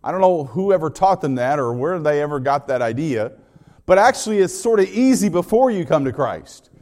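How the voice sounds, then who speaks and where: A man's voice: a little high, sing-song, a little fast, a little mellow, big-room sound. A man preaching a sermon as pastor, emphatic and building his points through repeated phrases.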